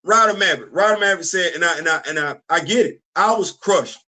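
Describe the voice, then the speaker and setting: A middle-aged man hosting a casual livestream chat, animated and laughing often as he answers his audience. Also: sits high, quick pace. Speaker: host.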